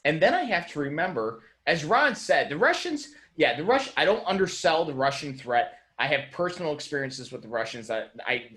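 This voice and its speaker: An animated man whose voice rises and falls a lot, sitting a little high. He argues emphatically in a casual podcast chat and drops a curse word for emphasis. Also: normal speed, few pauses. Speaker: podcast co-host.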